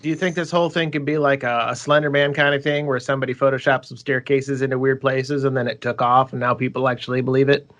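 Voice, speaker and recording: A man's voice: medium pitch, little pitch movement, quick pace, few pauses, fairly bright tone. A man co-hosting a casual podcast chat, playful, cracking jokes and asking questions. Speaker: podcast co-host.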